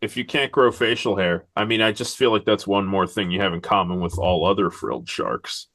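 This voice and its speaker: Dry-humored American man, low voice. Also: fairly quick, fairly bright tone. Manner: dry, wry joking. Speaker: podcast co-host. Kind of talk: casual chat.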